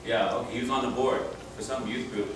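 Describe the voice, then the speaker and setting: A man's voice: mid-range voice, fairly even intonation, fast talker. Man, middle-aged, rambling anecdotes, far from the mic, very echoey noisy room. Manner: rambling, chuckling anecdotes with many restarts. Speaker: reunion speaker. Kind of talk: casual storytelling speech to a crowd. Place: reunion gathering in a room.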